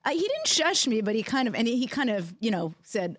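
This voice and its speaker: A woman's voice: on the high side, a little fast, dry recording. Storytelling woman on a dry mic. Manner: animated anecdotes, lively quoted voices. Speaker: podcast co-host, former team executive. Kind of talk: storytelling in casual chat.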